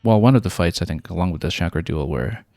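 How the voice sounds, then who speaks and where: While streaming a video game, a man casually narrates his thoughts and plans his upcoming moves, dropping in fillers as he goes. His deep, mellow voice is expressive and moves at a quick pace.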